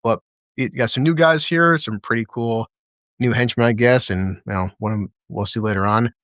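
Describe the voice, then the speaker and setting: A man's voice: mid-range voice, moderate pace, no echo, clean studio sound. A man casually recapping a TV episode with a co-host, swearing freely, chuckling often and acting out lines from the scenes. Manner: profane, chuckling, retells scenes in lively quoted voices. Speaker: podcast co-host.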